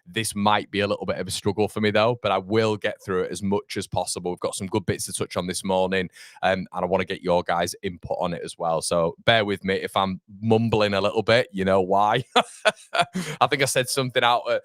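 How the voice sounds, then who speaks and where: In a dry, studio-quality recording, a young man with a low, steady voice talks a little fast while hosting a live football fan stream. He's rambling and chatty, going through viewer comments, and seems a bit fuzzy due to a mild concussion.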